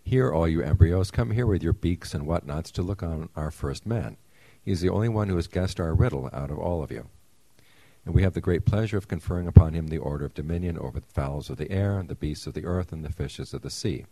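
A man's voice: deep voice, brisk, vocal fry, mellow, no room sound. A man reading aloud as a shy, kindly creator god who speaks as "we", in a solemn, formal storybook manner. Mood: proclaiming.

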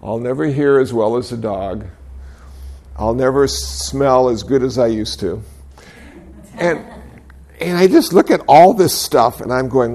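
An older man giving a dharma talk, telling stories in a gently humorous, reflective way and laughing at himself. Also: medium pitch. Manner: gently humorous storytelling with self-deprecating chuckles; reflective, unhurried. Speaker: Buddhist speaker.

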